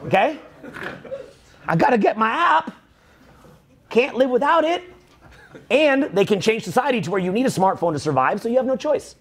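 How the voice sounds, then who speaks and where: A middle-aged man, a social skills coach, ranting with heavy swearing and bursts of shouted quotes. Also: extremely high pitch, expressive, brisk. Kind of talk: profane motivational rant.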